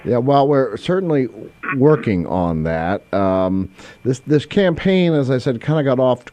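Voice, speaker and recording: A man's voice: mid-range voice, big pitch swings, a little slow, dark tone, dry recording, lo-fi sound. A man hosting a call-in radio show, talking casually with many fillers and restarts. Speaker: radio host. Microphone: studio microphone.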